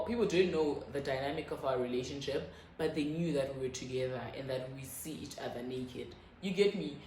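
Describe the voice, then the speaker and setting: A low-voiced South African woman in her twenties telling a storytime vlog, lively and quick to swear as she acts out what others said. The room is echoey and a faint hum sits behind her. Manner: animated, swearing, quoting others in quick bursts. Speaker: YouTuber. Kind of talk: casual storytime.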